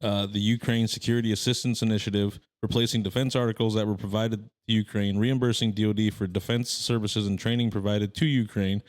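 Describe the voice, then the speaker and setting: A man with a fairly low voice, co-hosting a podcast interview. He reads out a list in a steady, even way and speaks casually when asking questions. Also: a little fast, hardly any pauses. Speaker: podcast co-host.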